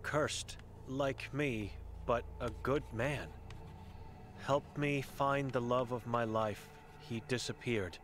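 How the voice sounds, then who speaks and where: A man's voice: mid-range voice, fairly even intonation, takes it slowly, a bit bright, a little hiss or hum. A man reading the chalkboard words of an old blind, mute woman in a game, in terse, broken phrases. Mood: grim.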